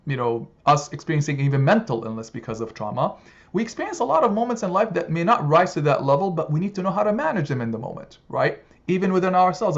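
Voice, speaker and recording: Emphatic male religious teacher, higher voice. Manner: emphatic, repetitive, rhetorical questions. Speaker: religious study group teacher. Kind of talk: impassioned Quran study lesson. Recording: slightly muffled lo-fi recording.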